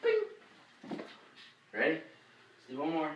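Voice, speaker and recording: Woman, excited cheering at a pet, wildly swooping pitch, heard from afar, echoey room. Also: measured pace, lo-fi sound. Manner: excited, squealing cheers and giggles. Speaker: pet owner cheering on the monkey. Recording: distant in an echoey noisy room.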